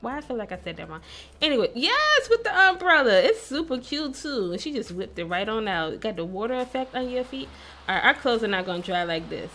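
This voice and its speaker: A woman's voice: on the high side, very animated, brisk, sharp tone. A woman hosting a casual let's-play, chatting playfully and talking to the characters on screen. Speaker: gaming video host.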